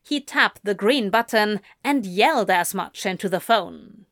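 A woman reading a story aloud in an expressive, measured way. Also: medium pitch, no room sound, clean studio sound. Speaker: reader.

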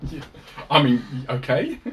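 A man co-hosting a podcast in casual chat, teasing and joking with quick asides. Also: medium pitch, a bit bright, slight background noise. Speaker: podcast co-host.

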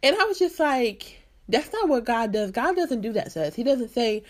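A woman's voice: on the high side, sing-song, normal speed. A woman hosting a faith podcast, talking through a personal story in an earnest, conversational way and laughing at herself now and then. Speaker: podcast host. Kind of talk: faith-based personal reflection.

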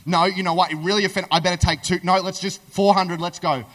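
A man's voice: high voice, steady tone, quick pace, fairly bright tone. A man doing a hot-headed, self-justifying warrior. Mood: riled up. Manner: self-justifying, casual modern phrasing. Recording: echoey hall.

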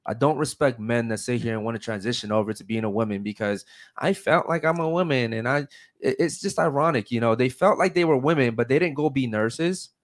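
A man hosting a podcast in a blunt, combative way. He swears often and presses his guests with pointed questions. His voice sits at an ordinary pitch for a man. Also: brisk. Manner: blunt, confrontational, profane. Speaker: podcast host. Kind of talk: heated podcast debate.

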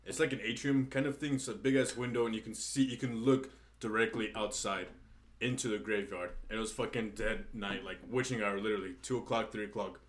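A man's voice: lowish voice, fairly even intonation, a little fast. A young man, a podcast co-host, telling a story in a casual, profane way.

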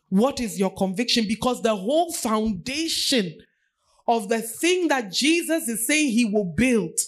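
A woman pastor preaching a sermon, repeating phrases for emphasis. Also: medium pitch.

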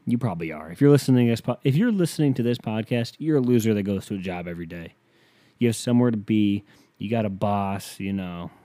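A man's voice: fairly low pitch, lively intonation, quick pace, mellow, no room sound. A young man from Ohio hosting a solo podcast, rambling, swearing and mocking himself, on a headset mic. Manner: profane, self-mocking, rambling. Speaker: podcast host.

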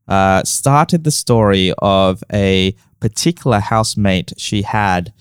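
A man's voice: fairly low pitch, expressive, clean tone, no room sound. Dry-sounding teasing man. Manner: teasing, drawn-out fillers. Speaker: co-host. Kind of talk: casual podcast banter.

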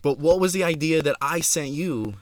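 A man's voice: fairly high pitch, moderate pace, no echo. A laid-back man co-hosting a podcast, swearing and saying dude a lot in casual chat. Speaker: podcast co-host.

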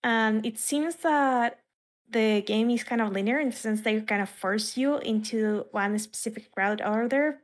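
A woman hosting a podcast in casual chat, rambling along with frequent fillers and laughs. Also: fairly high pitch. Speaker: podcast host.

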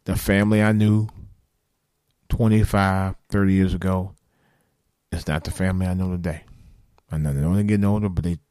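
Man in his 50s, call-in host, very low voice, dry close sound, earnest, blunt, repetitive. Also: fairly even intonation, fairly quick, long pauses, mellow, clean tone, no room sound. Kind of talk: live late-night call-in monologue.

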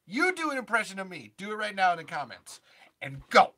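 A man's voice: high voice, big pitch swings, fairly quick, pushed and bright. A young man chatting casually on a podcast, rambling and self-deprecating with sardonic asides.

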